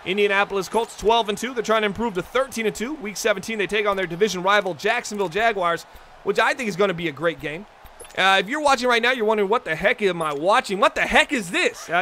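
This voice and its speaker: Excitable male stream host calling play-by-play; high, bright, forceful voice, talks to the chat. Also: a little hiss or hum. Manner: excitable, chatty, talks straight to the chat viewers. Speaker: livestream host and commentator. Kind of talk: play-by-play commentary on a football video game stream.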